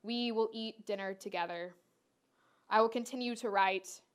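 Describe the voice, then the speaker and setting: A woman's voice: medium pitch, normal speed, smooth. A woman performance artist delivering spoken-word poetry in a rhythmic, incantatory way, repeating her refrains.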